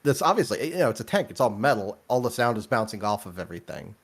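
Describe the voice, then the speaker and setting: A young man's fairly low voice in a relaxed podcast conversation. He is eager and agreeable, stumbling a little into each thought before he gets going. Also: fast. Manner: eager, fills in agreement, hesitant starts. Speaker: podcast co-host. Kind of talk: casual chat.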